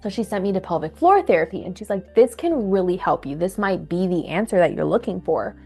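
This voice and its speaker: A young woman telling a personal story to camera in a candid, animated way, acting out what people said. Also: on the low side, fairly quick, husky, soft background music. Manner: candid, animated retelling with acted quotes. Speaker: vlogger.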